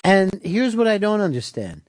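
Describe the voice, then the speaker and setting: A man's voice: sits high, sing-song, moderate pace, dry recording. A man hosting a talk radio show, joking crudely with his co-host and taking calls. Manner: crude, joking, takes callers. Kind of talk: casual talk radio banter. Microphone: studio microphone.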